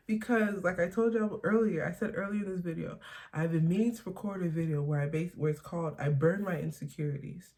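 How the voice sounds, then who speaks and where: A young woman talking openly and haltingly in a confessional personal vlog. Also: lowish voice, mellow. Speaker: vlogger.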